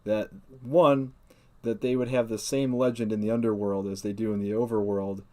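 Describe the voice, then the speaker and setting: A man's voice: lowish voice, little pitch movement, moderate pace, mellow. A man streaming a video game, chatting casually and rambling with frequent laughs and fillers. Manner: chatty, rambling, laughs often, uses lots of "like". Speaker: let's play streamer. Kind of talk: casual gameplay commentary. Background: faint game music.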